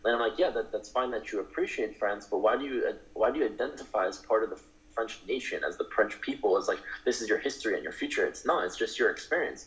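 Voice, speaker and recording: A man's voice: lowish voice, quick pace, fairly bright tone, lo-fi sound. A man being interviewed, talking earnestly and building to passionate, emphatic declarations. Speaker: guest advocate. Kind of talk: interview talk.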